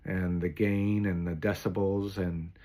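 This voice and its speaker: A man speaks at an unhurried, deliberate pace, setting each word apart with care. His voice sits a little low. He drifts between loose chat and long lists of single words, staying clear throughout. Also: little pitch movement, dark tone. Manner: slow, deliberate and clear, listing words one by one. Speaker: YouTuber and music producer. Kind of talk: unscripted talk for a voice-cloning sample.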